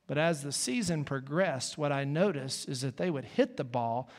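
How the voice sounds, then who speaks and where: A man's voice: fairly high pitch, animated, moderate pace, darkish tone. Man preaching with church reverb. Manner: conversational preaching, folksy asides. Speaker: pastor. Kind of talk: sermon. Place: church sanctuary.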